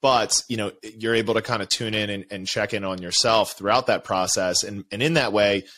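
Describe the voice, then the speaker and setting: A man's voice: fairly low pitch, steady tone, brisk, a bit bright. A man hosting a podcast interview, talking in a reflective way with many fillers. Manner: reflective, filler-heavy, "you know". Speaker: podcast host.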